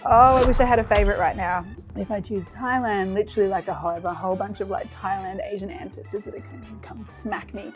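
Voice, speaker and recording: A woman's voice: mid-range voice, quick pace, soft background music. A woman hosting a cooking show, mouth burning and eyes teary from chili, exclaiming and laughing between gasps in casual chat. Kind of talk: casual food challenge chat. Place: kitchen studio.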